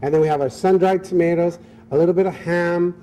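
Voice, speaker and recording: A man's voice: sits high, fairly even intonation, a little fast, mellow. A man who is a chef, talking through a cooking demonstration in an upbeat, easygoing way. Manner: upbeat, easygoing, apologetic when teased. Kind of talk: cooking demo chat.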